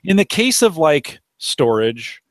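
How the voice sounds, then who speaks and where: This podcast host from the Omaha area in the United States runs a live tech show from an outdoor deck, chatting casually, rambling and restarting often. His fairly high voice is very animated yet unhurried, and there's no room sound.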